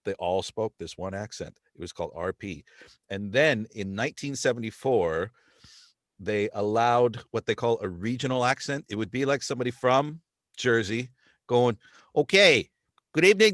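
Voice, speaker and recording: A man from Canada, now based in the UK, hosting a podcast in a casual, animated chat, often slipping into playful mock accents. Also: on the low side, dry recording, clean studio sound. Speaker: podcast host.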